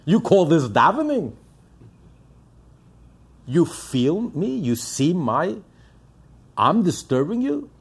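A man's voice: on the high side, very animated, slow, vocal fry, long pauses, husky, pitched above the performer's own voice, exaggerated voice. A man voicing a scornful heckler. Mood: mocking. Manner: scornful rhetorical questions. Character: mocking male heckler taunting a praying man.

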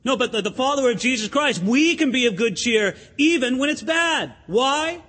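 A man's voice: very high-pitched, animated, moderate pace, sharp tone, husky. A pastor preaching a sermon in an earnest, emphatic way, addressing his listeners as friends in a church sanctuary. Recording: long hall reverb.

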